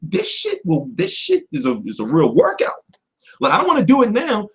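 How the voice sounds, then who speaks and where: A man hosting a boxing livestream from home, ranting off the cuff with lots of swearing, switching between loud outbursts and mumbled asides. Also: high-pitched, wildly swooping pitch, normal speed, creaky, husky. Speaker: boxing commentary livestream host. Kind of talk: profane off-the-cuff rant.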